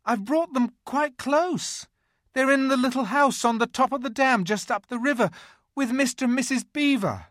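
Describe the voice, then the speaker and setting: A frightened boy pleads in a high, shaky voice, as a storyteller puts him on. He stammers and rushes his words to please. The delivery is close and dry. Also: fairly bright tone, dry recording. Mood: pleading.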